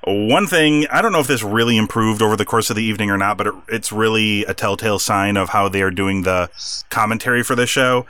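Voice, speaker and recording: A man's voice: on the low side, fast, bright, forceful tone, smooth, no room sound. A man co-hosting a podcast, recapping a wrestling show in casual chat and acting out the wrestlers' lines. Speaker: podcast co-host.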